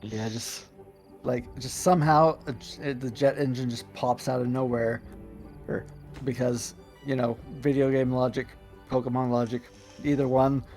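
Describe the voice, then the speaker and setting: A man's voice: mid-range voice, steady tone, normal speed, darkish tone, soft background music. A man chatting casually with friends while playing a video game, rambling and chuckling with many restarts. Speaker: streamer playing a city-builder game. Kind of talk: casual group chat while gaming.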